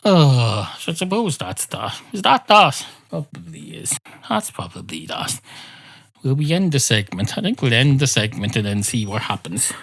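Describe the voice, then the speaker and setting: A man hosting a comedy podcast, musing aloud in a rambling, self-interrupting deadpan. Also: medium pitch, moderate pace, gravelly. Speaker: podcast host. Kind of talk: solo comedic rambling monologue.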